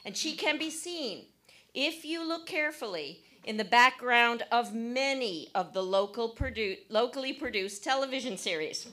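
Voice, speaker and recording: A woman's voice: fairly high pitch, lively intonation, normal speed, pushed and bright. A woman hosting a storytelling event, reading out a guest's introduction in a friendly, joking way.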